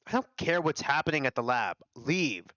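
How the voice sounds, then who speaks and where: A scornful, idle doctor in middle age, put on by a man, who drops his voice low and brushes everyone off. The delivery is dry and dismissive, and the sound is dull and close on a dead-dry mic. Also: animated, moderate pace, sharp tone, no room sound. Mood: irritated. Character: lazy, mocking middle-aged male doctor.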